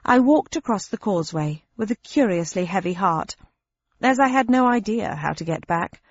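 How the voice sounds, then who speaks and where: A woman reading a first-person audiobook narration with expressive storytelling. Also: medium pitch, moderate pace, dry recording, muffled recording.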